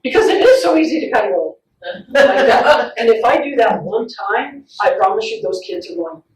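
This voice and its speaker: Expressive woman speaker in an echoey room. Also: a little high, normal speed. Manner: warm, animated storytelling with acted-out quotes and laughs. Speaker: play therapist and parenting speaker. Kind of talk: faith-based parenting talk. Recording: echoey room, picked up from a distance.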